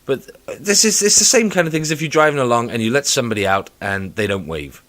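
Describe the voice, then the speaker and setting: A man co-hosting a casual podcast, telling stories in an animated, mocking way with sudden outbursts. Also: mid-range voice, fast talker. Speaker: podcast co-host. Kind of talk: casual chat.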